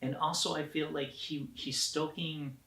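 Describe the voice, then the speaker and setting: American guy giving blunt movie opinions, bright voice, roomy echoey sound. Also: fairly high pitch, flat delivery, unhurried. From United States. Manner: opinionated, frank. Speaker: film review co-host. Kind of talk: casual film review chat. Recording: roomy, mic at a distance.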